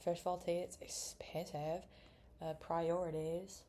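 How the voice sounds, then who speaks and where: A woman's voice: fairly low pitch, fairly even intonation, moderate pace, mellow, a little hiss or hum. A young woman in casual chat while drawing, rambling and mumbling to herself as she works. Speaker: vlogger.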